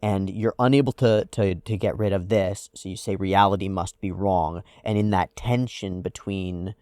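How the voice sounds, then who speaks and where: Low-voiced man musing in dry sound. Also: steady tone, normal speed, a little mellow, clear, resonant tone, no room sound. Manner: thoughtful, analytical, hedging with "like". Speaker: anime reaction host. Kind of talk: casual reflective commentary.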